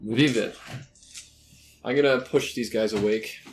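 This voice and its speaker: A man's voice: medium pitch, unhurried, noisy background. A man playing a tabletop game, casually describing what his character does. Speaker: player.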